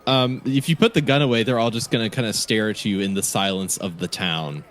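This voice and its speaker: A man narrating a tabletop game as game master, halting often with ums. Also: on the low side, a bit bright.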